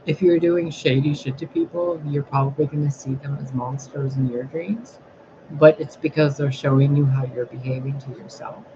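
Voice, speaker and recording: A woman's voice: deep voice, steady tone, moderate pace, muffled recording, noisy background. A woman speaking as a spiritual reader in a blunt, sarcastic, crude casual vlog monologue.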